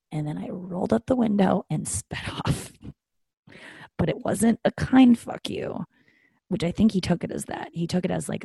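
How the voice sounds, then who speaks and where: A woman's voice: on the low side, lively intonation, moderate pace, vocal fry, dark tone, breathy edge, no room sound. A young adult woman hosting a solo podcast, telling a family story in a chatty, candid and profane way and acting out the other voices. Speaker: podcast host.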